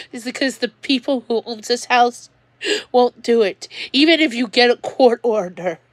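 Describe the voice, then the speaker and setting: Speaking unhurriedly in a voice on the high side, a woman livestreams from her home. Upset and rambling, she keeps restarting her sentences during this emotional monologue, captured in a dry recording.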